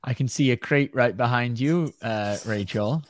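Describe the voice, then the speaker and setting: A man speaking as a podcast guest, talking in a reflective, earnest, measured way. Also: mid-range voice, dry recording. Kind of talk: casual conversation.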